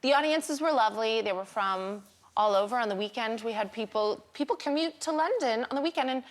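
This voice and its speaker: Wry Canadian woman with a lifted pitch. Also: a little fast. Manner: deadpan, wry storytelling. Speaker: comedian guest. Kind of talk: talk show chat. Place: TV studio with audience.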